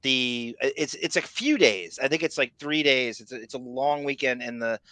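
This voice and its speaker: Guy rambling on a podcast, bright forceful voice, dry close mic, keeps interrupting himself. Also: medium pitch, moderate pace, dry recording. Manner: excitable, rambling, self-interrupting. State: raspy. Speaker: podcast co-host. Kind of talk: casual chat.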